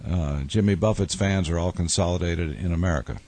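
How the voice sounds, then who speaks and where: Radio guest with a drawl, rambles and jokes dryly, studio interview. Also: male voice, sits low, fairly quick, darkish tone. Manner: rambling, wry storytelling with restarts. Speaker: guest musician and author.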